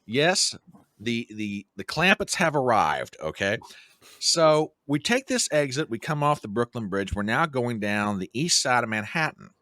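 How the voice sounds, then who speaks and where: A man's voice: mid-range voice, a little slow, dry recording, clean studio sound. A middle-aged American man telling a long travel story on a podcast and acting out the quotes. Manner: animated storyteller who acts out quotes. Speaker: podcast guest. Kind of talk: casual storytelling.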